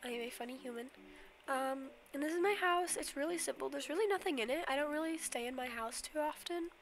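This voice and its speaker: A woman's voice: sits high, fast talker, a little hiss or hum. A young woman, a bit sick, chatting through a casual game stream, rambling and giggly with lots of fillers and apologies. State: slightly sick. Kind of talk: casual Minecraft stream tour.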